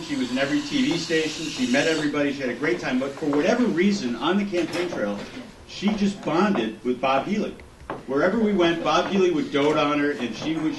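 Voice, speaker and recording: A middle-aged man and political candidate giving a speech at a fundraiser, a relaxed, joking storyteller. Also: fairly high pitch, background noise. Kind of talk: speech with humorous anecdotes. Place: event hall at a fundraiser. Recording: echoey hall heard from a distance.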